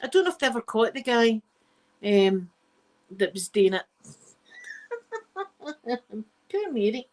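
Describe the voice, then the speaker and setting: A woman's voice: fairly high pitch, very animated, slow pace, pauses often, poor audio. Scottish woman, middle-aged, rambling story on a livestream, swears a bit, goes off on tangents. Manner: rambling, digressive, frank and swearing. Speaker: channel host. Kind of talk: casual storytelling on a live stream.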